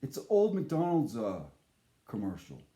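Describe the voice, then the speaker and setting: A man's voice: medium pitch, wildly swooping pitch, a little slow, mellow. A man telling a long, rambling story casually, swearing and cutting himself off mid-sentence. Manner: rambling, swears, self-interrupting. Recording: roomy echo.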